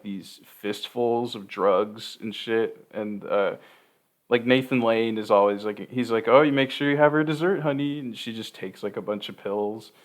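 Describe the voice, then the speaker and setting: Lowish-voiced man rambling through a movie recap. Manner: rambling, profane, heavy on fillers. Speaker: podcast host.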